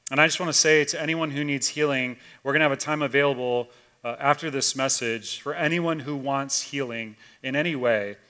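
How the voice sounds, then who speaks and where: A man, a pastor, preaching a conversational sermon and telling a story casually, swinging between loud and hushed. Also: mid-range voice, a little fast, clear, resonant tone.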